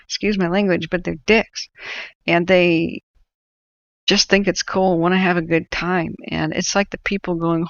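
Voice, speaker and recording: A woman with a gravelly, creaky voice holds forth in a rambling, opinionated way, full of fillers and restarts. The sound is dry, dull and lo-fi, with no room echo. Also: lowish voice, steady tone, measured pace. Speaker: host. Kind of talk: casual livestream talk. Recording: dull lo-fi audio.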